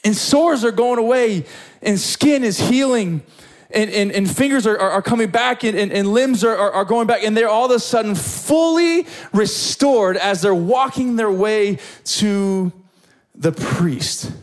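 A man's voice: high-pitched, unhurried. A young man preaching a sermon to young adults, telling a story with lots of energy and stammered repeats.

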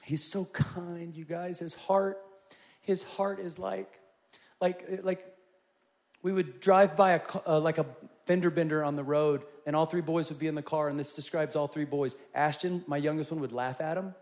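A man in his forties preaching a sermon, telling personal stories in an animated way and rising to loud, emphatic peaks. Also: fairly high pitch, moderate pace. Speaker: pastor.

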